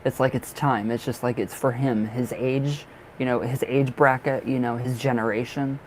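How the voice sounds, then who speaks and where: Chatty male tarot reader on a home live stream, mid pitch, faint room noise. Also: steady tone, normal speed, a little mellow, low-quality recording. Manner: chatty, affectionate, laughs often.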